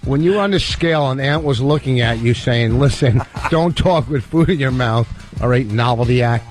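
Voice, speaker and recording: A man's voice: mid-range voice, normal speed, a little mellow, soft background music. Guy on a radio show rambling and ribbing his cohosts, mid voice. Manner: rambling, insulting. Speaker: comedian guest. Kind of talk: casual radio banter.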